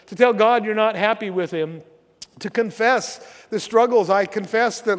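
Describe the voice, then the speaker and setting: A middle-aged man preaching a sermon as pastor, conversational and halting with many restarts, going soft and quiet in tender passages. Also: high-pitched. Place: church sanctuary. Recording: long reverb from a church sanctuary.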